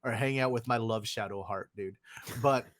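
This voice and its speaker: A man hosting a casual podcast, animated and joking, swearing often and calling people "dude". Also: on the low side, fairly quick, dry recording, clean studio sound. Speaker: podcast host.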